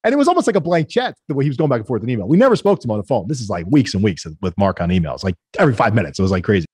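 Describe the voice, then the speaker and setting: A man, a guest entrepreneur, telling business stories in a lively, conversational way and acting out the other people in them. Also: mid-range voice, racing, husky, no room sound. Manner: animated, acts out quoted voices. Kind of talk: conversational storytelling.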